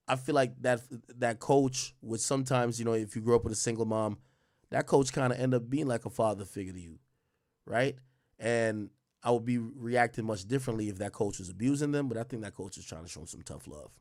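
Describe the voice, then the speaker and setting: Animated, slangy man reacting on stream. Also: mid-range voice, moderate pace. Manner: animated, slangy, profane, thinking out loud. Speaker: livestream commentary host. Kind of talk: live-stream reaction commentary.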